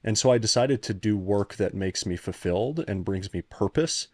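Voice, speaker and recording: A man's voice: fairly low pitch, moderate pace, a little mellow, no echo, studio quality. A man in his thirties, a podcast guest, telling a personal story in an earnest, reflective way with frequent restarts. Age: 30s. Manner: earnest, reflective, restarts often when moved. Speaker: podcast guest, founder turned CEO coach.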